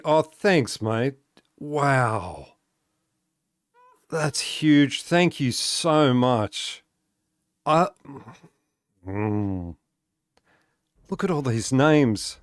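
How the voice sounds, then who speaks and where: A man's voice: mid-range voice, no room sound, studio quality. A man chatting casually on a gaming live stream, rambling with many fillers and restarts and chuckling often as he talks. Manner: chuckles often while talking.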